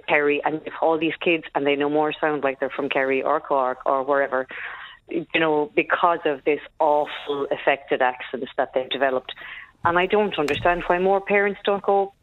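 A woman's voice: low-pitched, no echo. A woman phoning in to a radio show as a mother, forthright and opinionated, laughing often. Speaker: caller, mother. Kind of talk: phone-in chat. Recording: dry tinny phone line.

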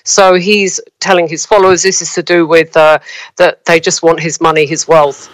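Woman correspondent, phone-in, hesitant and measured, crisp dry voice. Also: lowish voice, little pitch movement, no echo, poor audio. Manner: measured, hesitant with frequent ums. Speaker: news correspondent. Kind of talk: news interview. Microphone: phone call.

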